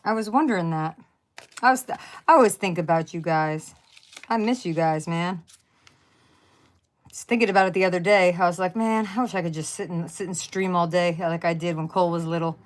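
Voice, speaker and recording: A woman's voice: fairly low pitch, brisk. Rambling, chatty middle-aged woman. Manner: rambling, chatty, searches for words and restarts; blunt and jokey, mild swearing. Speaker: craft livestream host. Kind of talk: casual chat with viewers while crafting.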